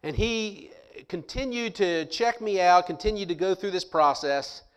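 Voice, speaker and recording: Animated man telling a story. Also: sits high, unhurried, clean tone. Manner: animated, acts out the people he quotes. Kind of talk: personal anecdote told to listeners.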